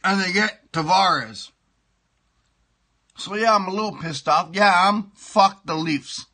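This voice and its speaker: This middle-aged Toronto host of a comedic sports show swears through a rant, repeating himself as he eats pie. He speaks slowly in a high-pitched, bright, forceful voice.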